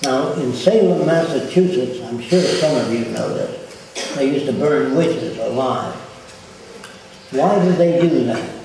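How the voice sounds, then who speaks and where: A man's voice: medium pitch, slow pace. A man giving a public lecture, blunt and provocative, often quizzing the audience with questions. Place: large lecture hall. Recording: echoey hall from far off.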